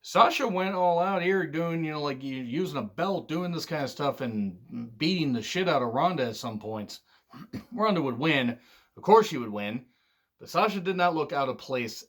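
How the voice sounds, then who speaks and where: A man casually talking through his favorite wrestling matches, candid and excitable, swearing freely. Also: medium pitch. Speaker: wrestling reviewer. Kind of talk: casual commentary vlog.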